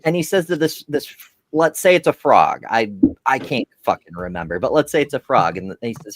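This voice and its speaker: A man chatting casually on a podcast panel, swearing freely and telling stories with animated energy. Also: mid-range voice, brisk, dry recording, clean studio sound. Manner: profane, animated storytelling. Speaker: podcast co-host.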